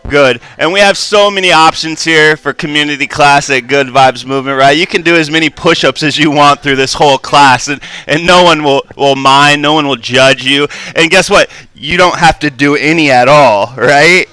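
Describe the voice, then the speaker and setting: A man leading a live yoga class in a studio, calmly cueing poses and breathing with frequent "right?" and "good". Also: on the high side, moderate pace, hardly any pauses, clean tone, no room sound. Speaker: yoga instructor.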